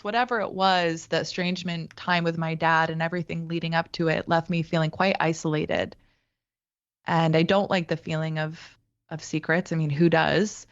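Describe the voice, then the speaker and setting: A woman in her thirties, a guest talking reflectively and haltingly in an interview, with frequent restarts. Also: low-pitched, steady tone, no echo, dull audio. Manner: thoughtful, halting, many restarts. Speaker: guest, actor and writer.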